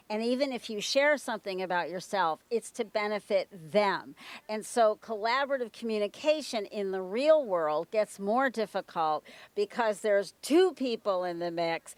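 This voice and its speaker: A woman podcast host asks questions and adds her own reflections in a thoughtful, conversational way. Her voice has a medium pitch. The recording is dry and close. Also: dry recording. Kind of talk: interview conversation.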